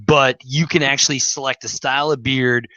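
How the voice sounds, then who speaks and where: A man's voice: mid-range voice, steady tone, moderate pace, bright, forceful tone, no echo, muffled recording. A man co-hosting a casual beer podcast, rambling and enthusiastic, recorded over a video call. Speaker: podcast co-host. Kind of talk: casual chat.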